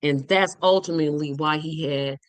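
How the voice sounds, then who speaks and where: A woman hosting her own show, talking through a movie in an animated, emphatic way and repeating words for effect. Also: low-pitched, normal speed, no room sound. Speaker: show host. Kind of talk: casual movie review chat.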